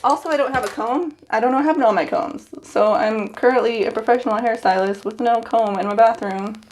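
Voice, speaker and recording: There's a little hiss or hum behind a slightly high female voice that moves fairly quickly. The speaker, a young hairstylist, is in her bathroom at home talking to her phone, nervous and giggly in a casual vlog.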